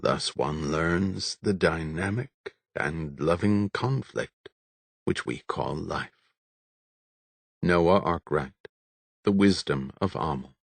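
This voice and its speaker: A man reading a novel aloud as an audiobook narrator, in a measured, steady way. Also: sits low, vocal fry, dry recording. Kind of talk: scripted narration.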